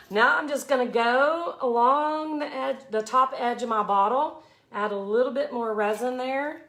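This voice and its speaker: A woman's voice: mid-range voice, a bit bright. A woman from Mississippi with a Southern accent, chatty and effusive, giving a live art tutorial. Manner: chatty, effusive, exclaims often. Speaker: resin art instructor.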